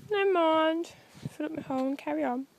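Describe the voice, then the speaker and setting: A woman chatting excitably while metal detecting outdoors in a farm field, often dropping her voice to a hushed whisper. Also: sits high, a little fast, vocal fry, slight background noise. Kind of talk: casual outdoor commentary.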